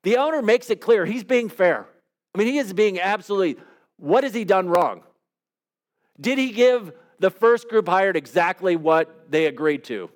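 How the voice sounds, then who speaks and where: A male pastor with a fairly high-pitched voice delivers a sermon. He talks in a loose, conversational way and keeps turning to the congregation with rhetorical questions. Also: expressive, moderate pace.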